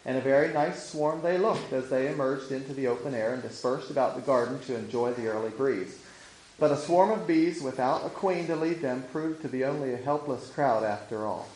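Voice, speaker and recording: A man reading an old-fashioned storybook aloud in a measured, steady way. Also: mid-range voice. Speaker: narrator. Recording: echoey room with faint noise.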